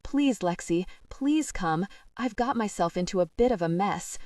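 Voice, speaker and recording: A woman's voice: mid-range voice, big pitch swings, normal speed, dry recording, studio quality, distant mic, natural voice. A woman voicing a panicked teenage younger sister with a small, quivering, pleading voice.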